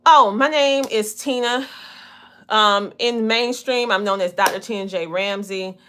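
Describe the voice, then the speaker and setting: A woman in her forties with a broad Southern US twang, chatting casually to a livestream audience. Her voice is bright and forward, and her words stretch and wander the way a country drawl does. She laughs easily between her points. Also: medium pitch, a little slow, a little hiss or hum. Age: 40s. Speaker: podcast host and coach. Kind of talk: casual livestream talk to viewers.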